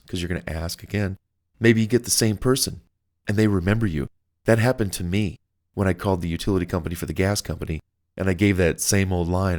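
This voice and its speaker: A man talks through his self-help audiobook in an upbeat, conversational coaching tone. His voice sits fairly low, and he speaks as if chatting straight to the listener. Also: a little mellow. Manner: conversational, acts out quoted phone calls. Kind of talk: motivational audiobook talk.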